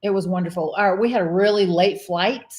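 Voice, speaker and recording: A woman's voice: mid-range voice, brisk, darkish tone. A middle-aged woman, co-hosting a cruise vlog live stream. She chats casually, laughs often and reads viewer comments aloud. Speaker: cruise vlogger co-host.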